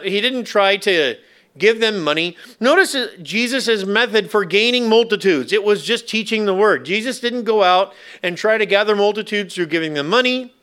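A man preaching a sermon to a church congregation, with slow, emphatic phrasing broken up by playful asides. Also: high-pitched, sharp tone, smooth. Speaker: pastor.

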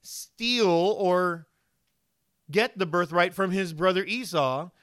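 This pastor's sermon comes in a high voice at a slow pace. He animates his storytelling by acting out the voices of those he quotes.

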